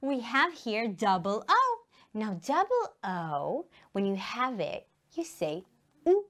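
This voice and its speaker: A woman whose first language is Hebrew, with an Israeli accent, speaks slowly in a rather high voice while teaching English to young children in a televised primary-school lesson. She's animated, singing letters and having the kids repeat sentences.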